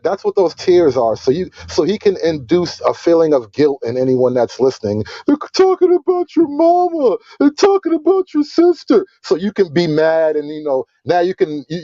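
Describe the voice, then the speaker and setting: A man's voice: a little high, mellow, dry recording, dull audio. A man on a livestream giving blunt, dismissive commentary. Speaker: guest co-host.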